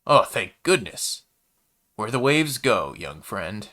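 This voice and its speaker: A man's voice: fairly low pitch, big pitch swings, slow pace, sharp tone, exaggerated voice. A man voicing a chatty, easygoing male alien baker in a sci-fi story, with a laid-back, folksy manner. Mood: relieved. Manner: laid-back, folksy, calls the listener kid.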